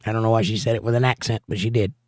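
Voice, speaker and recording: A man's voice: fairly low pitch, little pitch movement, very fast, no echo. A male livestream host reading viewer comments aloud and answering them with dry, joking asides in a casual chat.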